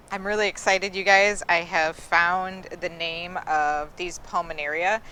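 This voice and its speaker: A woman's voice: on the low side, bright, forceful tone, a little hiss or hum. A woman giving a casual, enthusiastic tour of an outdoor garden, admiring the plants in a chatty way. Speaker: gardening vlogger.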